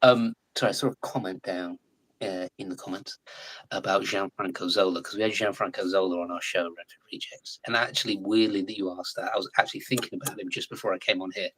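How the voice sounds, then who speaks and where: An English man in his forties, a guest in a casual live chat, talking in a chatty, animated way and laughing often. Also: sits low, quick pace, husky, low-quality recording. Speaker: guest actor.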